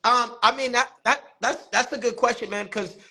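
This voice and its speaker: Guy with a high bright voice, chatty barber telling stories. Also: moderate pace, creaky, husky. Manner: animated storytelling, laughs often, acts out quotes. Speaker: guest barber and basketball coach. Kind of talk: casual interview chat.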